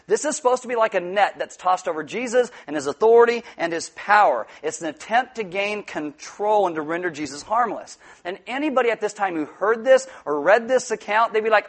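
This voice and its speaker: Male pastor, higher voice, lively sermon with jokes and acted quotes. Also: brisk, hardly any pauses. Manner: animated, joking, acts out quotes.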